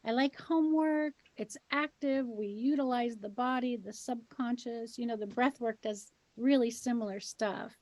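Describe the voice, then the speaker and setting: A woman host and healing practitioner speaking in an animated, casual way. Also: on the high side, normal speed, hardly any pauses, dry recording. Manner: animated, mocking tone in examples. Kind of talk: casual conversation.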